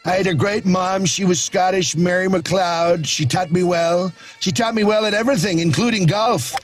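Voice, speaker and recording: A man's voice: sits high, fairly even intonation, moderate pace. A man voicing a brash, boastful older American tycoon politician in a comedy jingle, rambling and self-praising. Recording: music bed behind.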